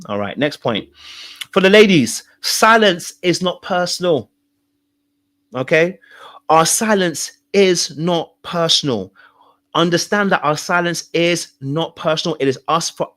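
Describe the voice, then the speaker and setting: Male relationship coach, mid pitch, emphatic, repeats key points, keeps asking "okay?" to the chat. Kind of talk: live-stream coaching talk, answering chat.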